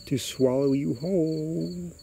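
A man doing a slow groaning toe-hunting creature. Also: on the high side, creaky, warm tone, slight background noise, pitched above the performer's own voice. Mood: menacing.

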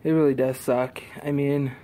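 A man recording a casual vlog outdoors in a driveway, out of breath and talking in halting, quiet, earnest phrases. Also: medium pitch, level tone. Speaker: vlogger. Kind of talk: casual vlog talk to camera.

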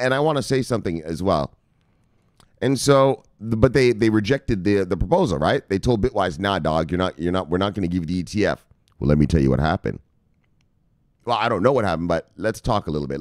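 A man's voice: on the low side, no echo, studio quality. A man hosting a crypto news show, talking casually with lots of swearing, laughter and playful asides. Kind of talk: casual profane news commentary.

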